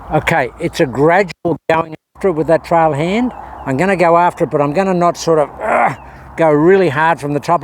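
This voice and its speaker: Man, slightly high voice, golf vlogger chatting and coaching himself outside, faint background noise. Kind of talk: casual talk to camera while practising. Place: outdoor golf practice area.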